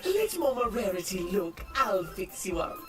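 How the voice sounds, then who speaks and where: A woman's voice: mid-range voice, big pitch swings, moderate pace, close to an everyday voice. A woman voicing a vain, posh female pony with an affected drawl in a fan parody dub. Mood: haughty. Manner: haughty, theatrical. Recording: distant voice under loud music.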